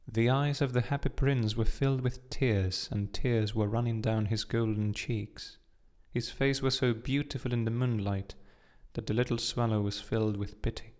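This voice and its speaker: A man reading a fairy tale aloud as an audiobook narrator, measured and expressive. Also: mid-range voice. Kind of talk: scripted storybook narration.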